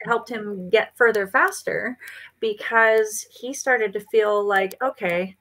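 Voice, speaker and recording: Bright-voiced woman, rambling guest. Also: mid-range voice, steady tone, takes it slowly. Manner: rambling, many fillers and restarts. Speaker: podcast guest, parent of a child with special needs. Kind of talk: casual conversational interview.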